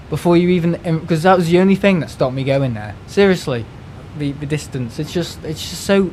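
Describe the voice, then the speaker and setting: A man from the United Kingdom chats casually on a live stream in a rambling, exasperated rant, restarting words and swearing freely. His voice is fairly high and darkish, fairly quick with hardly any pauses, over slight background noise.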